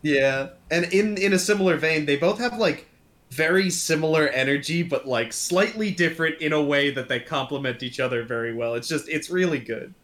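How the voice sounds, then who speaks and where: High-voiced, enthusiastic swearing man. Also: moderate pace, a bit bright. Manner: enthusiastic, swears casually, laughs a lot. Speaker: podcast co-host reviewing sketch comedy. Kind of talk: casual chat.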